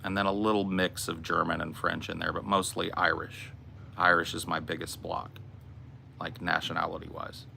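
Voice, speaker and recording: Deep gravelly American man, laid-back. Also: flat delivery, moderate pace, bright, forceful tone, slight background noise. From United States. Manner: blunt, laid-back, swears often. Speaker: podcast host. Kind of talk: casual Q and A with chat.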